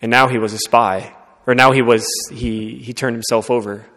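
A man preaching a sermon, telling a story in an earnest, conversational way and often dropping to a soft voice. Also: mid-range voice, fairly even intonation, moderate pace. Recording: long reverb of a large hall.

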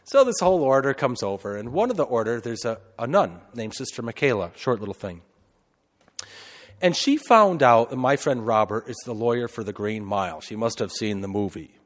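A priest, a man, spins a long anecdote from the pulpit in a chatty, meandering way, packed with "you know" and "right?" asides. His mid-pitched voice hangs in the long reverb of a large church. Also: big pitch swings, moderate pace. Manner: conversational, anecdotal, with many fillers and asides. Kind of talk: storytelling homily.

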